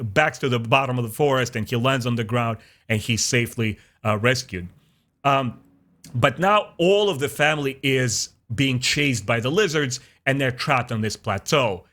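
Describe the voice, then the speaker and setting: Male vlog host, mid-pitched, eager and chatty, recapping and reviewing an episode. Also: moderate pace, a bit bright. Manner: enthusiastic, retells scenes acting out characters' lines; conversational with frequent fillers and "boom". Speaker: show reviewer and channel host.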